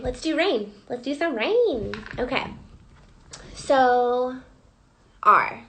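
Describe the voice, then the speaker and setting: Woman wellness coach, fairly high voice with gravelly fry, guides a live reflection session. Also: expressive, takes it slowly, long pauses, fairly bright tone, poor audio. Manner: guiding, prompting listeners with repeated questions.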